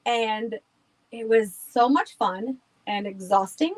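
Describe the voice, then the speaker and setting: A woman's voice: fairly high pitch, slow, poor audio. A woman guest on a podcast, chatting casually and rambling with frequent laughs. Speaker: guest, haunted house owner.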